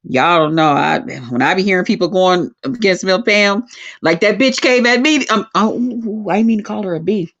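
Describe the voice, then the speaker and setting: A woman hosting a casual livestream chat, telling stories in a profane, animated way. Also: mid-range voice, moderate pace. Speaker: livestream host. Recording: lo-fi dull sound.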